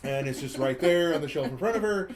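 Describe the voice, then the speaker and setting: This man, co-hosting a podcast, gives a casual, mocking blow-by-blow of a film's plot, regularly stumbling over and repeating words. His voice runs high, expressive and fast. Audio quality is poor, with slight background noise.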